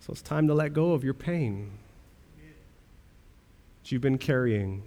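A man's voice: mid-range voice, animated, measured pace, darkish tone. A man pastor preaching a sermon, earnest, with rhetorical questions and rising swells of emphasis.

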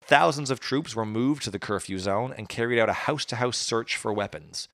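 Telling history as a relaxed, conversational story peppered with jokes, a podcast host speaks fairly quickly in a medium-pitched, slightly bright voice. The recording is studio quality with no room sound.

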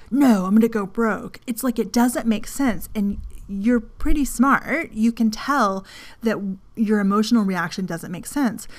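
Casting: middle-aged woman, candid self-help host, casual storytelling, mid pitch. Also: darkish tone. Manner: frank, storytelling, swears casually, laughs at herself. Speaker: podcast host and coach.

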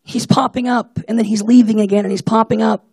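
A man preaching a casual, jokey sermon to a church, acting out Bible characters with lively asides. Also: high-pitched, fairly quick, slightly rough, no echo.

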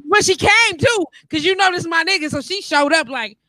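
High bright-voiced woman telling a story. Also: moderate pace, no echo, rough recording. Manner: animated, laughs often, acts out quoted voices. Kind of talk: casual storytelling chat.

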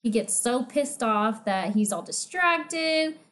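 A woman's voice: fairly high pitch, lively intonation, slow, fairly bright tone. A woman co-hosting a podcast, recapping a TV episode in casual chat, swearing freely and laughing as she acts out quotes. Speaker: podcast co-host.

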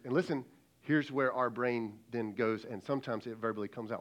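A man's voice: mid-range voice, fairly even intonation, normal speed, highs cut off. A man preaching a sermon as lead pastor, talking in a conversational, emphatic way and acting out quoted dialogue.

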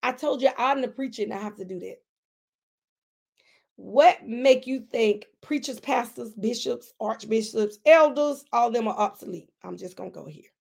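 A woman with a high voice preaches a conversational sermon. She talks straight to her listeners, stresses key lines hard and then drops into quiet asides. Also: animated, moderate pace, gravelly. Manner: emphatic, addresses listeners directly; swings between loud emphasis and quiet asides.

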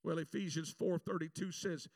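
A man preaching a sermon, telling a personal story with animated delivery and shouted prayers, heard from a distance. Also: a little high, moderate pace, vocal fry, no room sound.

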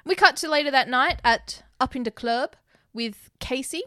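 Una mujer que presenta un podcast y cuenta escenas de una película con animación, interpretando las frases de los personajes. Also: female voice, sits high, moderate pace, dry recording, clean studio sound. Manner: animated, acts out characters' lines while retelling scenes. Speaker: podcast co-host. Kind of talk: casual movie recap chat.

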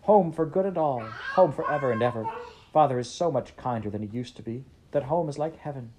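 A woman's voice: moderate pace, a little hiss or hum. A woman doing a gleeful little girl. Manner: excited, high and bright.

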